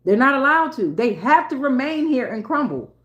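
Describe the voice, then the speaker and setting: A woman's voice: sits high, sing-song, moderate pace, fairly bright tone, dull audio. Woman, tarot reader, casual and emphatic, repeats lines, phone camera, roomy echo. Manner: slangy, emphatic, repeats herself.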